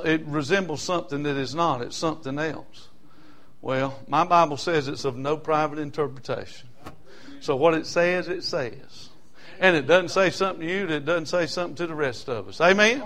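A man from South Carolina with a Southern accent, preaching a sermon in rhythmic bursts with call-and-response amens, swinging from loud shouts to quiet asides. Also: on the high side, normal speed. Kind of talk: fiery sermon.

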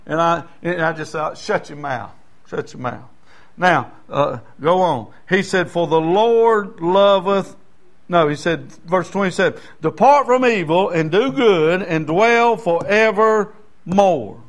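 High-voiced preacher. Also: male voice, slow. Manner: folksy storytelling, swells into shouting. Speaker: pastor. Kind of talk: sermon.

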